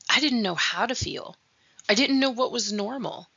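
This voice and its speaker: A woman's voice: a little high, normal speed, pushed and bright, slightly rough. A young adult woman hosting a podcast, telling a personal story of grief in an earnest, reflective way. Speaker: podcast host. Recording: dull lo-fi recording.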